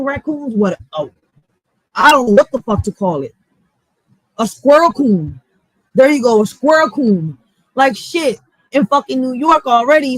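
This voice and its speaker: This is a woman with a Philadelphia accent sounding off in a casual vlog, blunt and full of profanity. Her voice sits high, and the sound is dry and close with no room around it. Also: no room sound, low-quality recording. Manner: blunt, profane, fired-up street talk. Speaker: block captain and vlogger.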